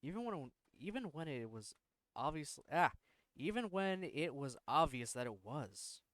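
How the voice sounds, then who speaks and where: A man reading a visual novel aloud in first person, slow and introspective, now and then tripping over words. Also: fairly high pitch, sing-song, a bit bright, no echo, studio quality. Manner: slow, introspective, sometimes tongue-tied.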